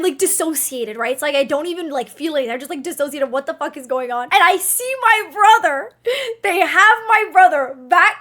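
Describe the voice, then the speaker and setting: A young woman talks straight to her stream chat, telling a story in a loose, casual way. Her voice sits very high, and her delivery is animated, with plenty of swearing.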